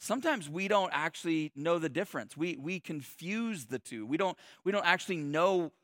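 A man's voice: a little high, animated, normal speed, a bit bright, dry recording, clean studio sound. A man preaching a sermon in a loose, conversational way, joking and restarting his sentences often. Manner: conversational and humorous, many restarts and "like". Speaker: pastor.

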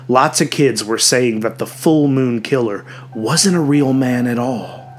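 A male narrator reads a story at a measured, steady pace with a mid-range voice. He shifts into character voices for the dialogue, while soft music runs faintly underneath. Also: mid-range voice. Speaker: audiobook narrator. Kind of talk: scripted narration.

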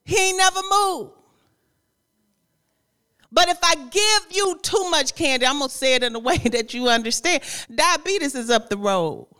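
A woman's voice: high voice, moderate pace, few pauses. A woman preacher delivering a sermon in a conversational style, repeating phrases, laughing often and talking straight to the congregation. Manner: conversational, lively preaching with repetition and frequent laughter; addresses the congregation directly.

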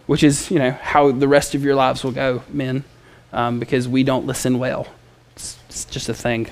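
A male preacher with a mid-pitched voice, working through a scripture passage in a relaxed, chatty way. He breaks up the readings with playful asides and plenty of fillers and restarts. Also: normal speed. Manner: casual, conversational, with frequent fillers and playful asides. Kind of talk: expository sermon.

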